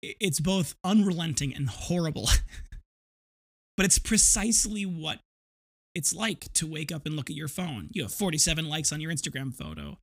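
A man's voice: fairly high pitch, sing-song, normal speed, fairly bright tone. A man in his thirties hosting a podcast, telling a rambling, vivid story with frequent restarts. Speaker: podcast host. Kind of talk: casual storytelling monologue.

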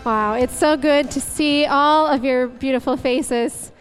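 A woman's voice: sits high, fairly even intonation, measured pace, soft background music. A young woman giving a conversational sermon as a guest speaker, chatty and humorous, often breaking into laughter.

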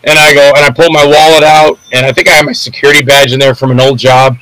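A man's voice: mid-range voice, flat delivery, quick pace, a bit bright, low-quality recording. An older man, an actor, telling rambling anecdotes in a casual interview and acting out the voices of people in his stories.

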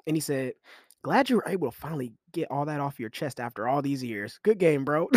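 A young man hosting a podcast, talking sports in loose, slangy, animated commentary with frequent laughs. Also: fairly high pitch, fairly quick, dry recording, clean studio sound. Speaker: podcast host. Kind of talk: casual commentary.

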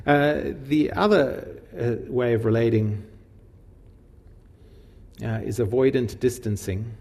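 A man's voice: mid-range voice, slow, darkish tone. A man preaching a sermon in a casual, conversational way. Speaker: pastor. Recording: long hall reverb.

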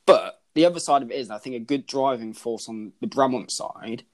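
A man's voice: medium pitch, fairly quick. Guy cohosting a podcast, lots of you know and restarts, easygoing chat. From Britain. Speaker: podcast co-host. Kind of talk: casual chat.

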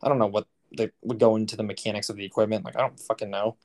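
A man's voice: lowish voice, level tone, racing, darkish tone. A young man co-hosting a podcast, telling stories in a rambling, profane, incredulous way. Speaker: podcast co-host. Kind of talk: casual chat.

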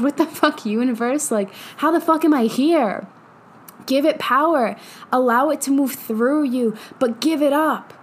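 A young podcast host's high-leaning voice comes through over slight background noise as she gives a casual, motivating monologue. She's emphatic, swears heavily and laughs often.

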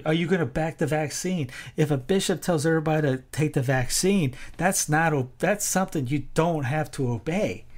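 A man in a casual opinion monologue, rambling and sarcastic, with frequent restarts, who rises into loud exhortations. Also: on the high side.

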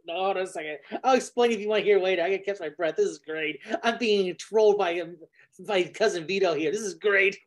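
A man's voice: high voice, a little fast. A man hosting a podcast in easygoing, chatty conversation. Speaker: podcast host. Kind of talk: casual podcast chat.

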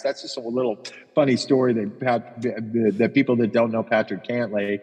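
A man's voice: mid-range voice, steady tone, fairly quick, darkish tone, husky, long reverb tail, poor audio. A man, a golf caddie co-hosting a podcast, telling long profane anecdotes in casual chat, often restarting his words.

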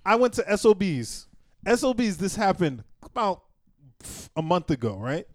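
A man with a high, very lively voice argues his side in a casual podcast chat. He tells club stories, acting out each person in them. The sound is dry and close. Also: normal speed, no room sound. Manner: animated storyteller, acts out quotes. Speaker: podcast co-host.

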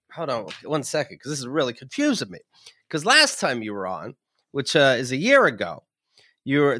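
A male podcast host chats in halting, stop-start bursts, circling back over his own words. His voice is bright and forceful with a lively, swinging pitch, recorded close and dry. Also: no room sound. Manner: halting, full of restarts and fillers. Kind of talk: casual comedic chat.

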